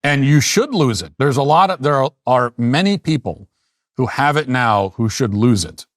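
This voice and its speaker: A middle-aged man hosts a commentary show, talking in an emphatic monologue that circles back with repeated phrases and restarts. His voice sits at an ordinary pitch, and the recording is dry, with little room sound. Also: animated, normal speed, dry recording. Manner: emphatic, repetitive, with frequent restarts. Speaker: political commentary host.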